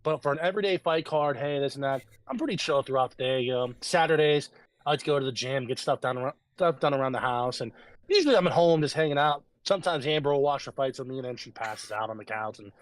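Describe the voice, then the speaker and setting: A man co-hosting a casual podcast chat, telling stories with rising excitement and getting loud when hyped. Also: mid-range voice, quick pace. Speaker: podcast co-host.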